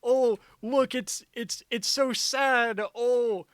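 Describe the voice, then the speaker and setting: A man putting on a mocking, gushing voice of a sappy moviegoer, high and breathy. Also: steady tone, drawn-out words, fairly bright tone, dry recording, studio quality, exaggerated voice. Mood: mock pity. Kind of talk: mocking impression.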